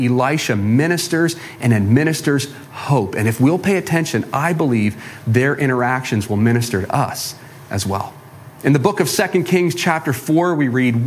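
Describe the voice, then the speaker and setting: A man with a slightly higher voice preaches a sermon as a pastor. He talks to his congregation conversationally, throwing out rhetorical questions and joking at his own expense. His delivery is casual rather than formal. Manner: self-deprecating humor.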